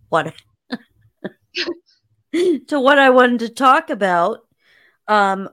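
A woman podcast host asking questions in an unhurried, conversational way. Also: on the low side, a bit bright. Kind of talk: casual interview.

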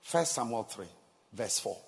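A male pastor preaching a sermon, animated and laughing, firing rhetorical questions at the congregation. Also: medium pitch, unhurried, vocal fry, big-room sound.

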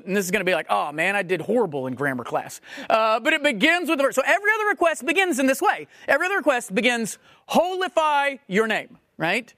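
A man's voice: very high-pitched, bright, forceful tone, dry recording, studio quality. A man preaching a sermon, emphatic and questioning, repeating phrases for stress. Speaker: pastor.

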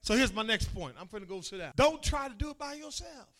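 A male pastor preaching a sermon in a call-and-response style, building from spoken lines to shouted, sung-out phrases. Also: extremely high pitch, lively intonation, fast.

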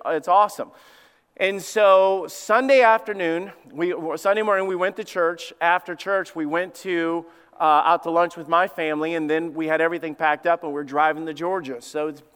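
A middle-aged man preaching a storytelling sermon as lead pastor in a church, animated and poking fun at himself. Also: fairly high pitch, clean tone. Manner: animated, self-mocking humor. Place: church sanctuary. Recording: long hall reverb.

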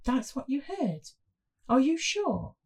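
A woman voicing a worried father gently questioning his young son in a spoken story. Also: sits high, sing-song, slow pace, voice pushed up, heavily acted. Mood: reassuring.

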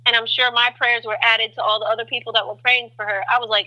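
A woman guest on a faith talk show, telling testimony as an animated storyteller who acts out voices with big jumps in pitch. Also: a little fast, few pauses, low-quality recording.

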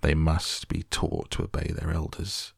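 A man's voice: very deep voice, unhurried, creaky, breathy edge, dry recording, studio quality, heavily acted. A man voicing a sinister hook-handed henchman who lectures sternly in an audiobook. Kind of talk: audiobook character voice.

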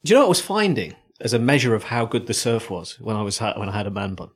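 A man's voice: lowish voice, big pitch swings, fast, breathy edge. A man in his thirties co-hosting a podcast, rambling and self-deprecating with frequent restarts and laughs. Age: 30s. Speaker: podcast co-host. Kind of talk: casual chat.

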